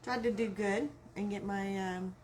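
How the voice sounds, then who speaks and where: A woman's voice: mid-range voice, fairly even intonation, measured pace, darkish tone, slight background noise. A woman with a Texan accent hosting a live craft tutorial, chatting and greeting viewers by name as she works. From Texas. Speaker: craft live-stream host.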